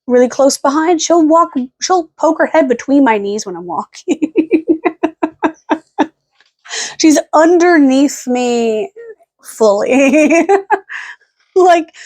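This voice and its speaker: A woman's voice: darkish tone, no echo. Rambling young woman in dry close sound. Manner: rambling, drifts into high baby talk to her dog. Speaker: vlogger. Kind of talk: casual chat. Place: at home.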